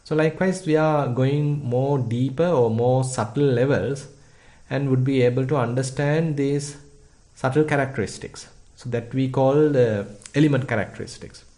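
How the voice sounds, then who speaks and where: A Sri Lankan Buddhist monk whose first language is Sinhala guides a meditation, his Sri Lankan accent clear. His male voice is mid-range and warm, and he speaks in a measured, thoughtful way with many pauses and fillers.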